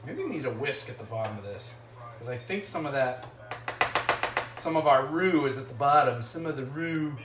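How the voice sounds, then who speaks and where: A man's voice: medium pitch, lively intonation, normal speed, echoey room, distant mic, heavy background noise. A man from the United States hosting a casual home cooking vlog. He jokes and thinks aloud as he cooks, and drifts away from the mic at times. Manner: chatty and joking, thinking aloud while cooking. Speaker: cooking show host. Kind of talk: casual cooking vlog, talking to live chat. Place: home kitchen, indoors.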